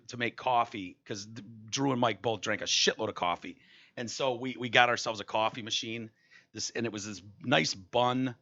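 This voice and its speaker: Profane podcast host: gravelly man, bright tone, muffled recording. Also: mid-range voice. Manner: swears freely, animated storytelling. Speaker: radio host. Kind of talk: casual podcast chat.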